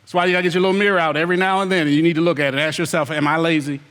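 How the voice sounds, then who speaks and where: High-voiced preacher in a reverberant hall. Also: male voice, fairly even intonation, rapid-fire, fairly bright tone, clean tone. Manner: preaching, calls out the congregation, mimics excuses in whiny voices. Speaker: pastor. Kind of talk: sermon.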